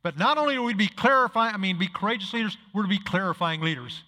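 A man's voice: high-pitched, animated, fast talker, bright, forceful tone, in a large hall. A male pastor preaching a sermon, telling stories and acting out the dialogue, building to emphatic peaks. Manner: storytelling, acts out dialogue, rises to emphatic peaks.

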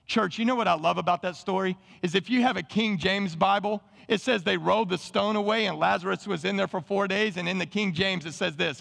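Pastor, sermon, high gravelly voice, long church reverb. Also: male voice, normal speed. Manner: animated, calls on the congregation. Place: church sanctuary.

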